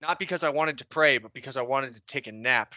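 Bright-voiced young man telling army stories. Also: medium pitch, quick pace, no echo, highs cut off. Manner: animated storyteller, swears freely, laughs while talking. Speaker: podcast co-host. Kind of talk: casual chat, swapping army stories.

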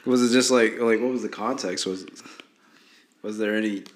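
A man's voice: fairly low pitch, fairly even intonation, normal speed. A man co-hosting a podcast in casual chat, asking questions and teasing dryly.

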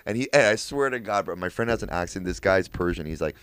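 A man's voice: lowish voice, animated, fast talker, clean tone, no echo, studio quality. A man in his twenties, a podcast co-host, telling a story casually among friends, laughing often and swearing, with lots of filler words.

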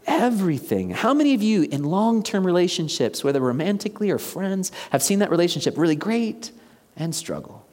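A man around fifty preaching a conversational sermon, asking the congregation questions and dropping to a hushed near-whisper for emphasis. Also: a little high, very animated, a little fast. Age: about 50. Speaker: pastor. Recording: long reverb of a large hall.

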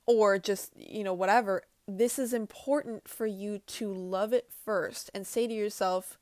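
A woman's voice: mid-range voice, steady tone, a little slow, hardly any pauses, darkish tone, no echo, clean studio sound. A woman talking casually and earnestly to her viewers about healing and self-love, often repeating her points. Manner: earnest, talks directly to viewers, repeats herself. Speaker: spiritual wellness vlogger. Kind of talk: casual talk to camera.

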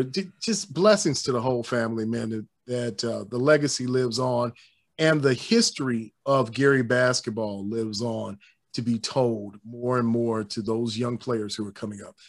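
A man co-hosting a casual sports talk show, animated and joking, slipping into voices. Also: mid-range voice. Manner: animated, playful, jokes and does voices. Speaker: podcast co-host.

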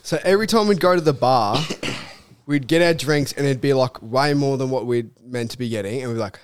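A man's voice: mid-range voice, a little fast, smooth. A young Australian man co-hosting a podcast, chatting casually and moving the talk along. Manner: chatty, moves the show along. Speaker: podcast co-host. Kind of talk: casual chat.

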